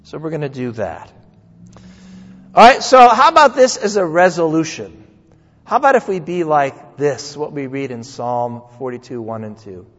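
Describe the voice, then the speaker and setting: An older male pastor gives a folksy, joking sermon with a lively voice that swoops up and down. His voice sits high for a man. The recording is dull and carries a long echo from the church hall. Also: moderate pace. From New England. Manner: folksy, joking, animated preaching. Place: church sanctuary.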